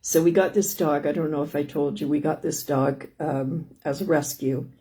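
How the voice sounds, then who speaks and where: Low-voiced older woman chatting on a live stream. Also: steady tone, moderate pace, warm tone. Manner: rambling, chatty, lots of "anyways" and restarts. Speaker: host of a live stream about living with lung disease. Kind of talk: casual live-stream chat.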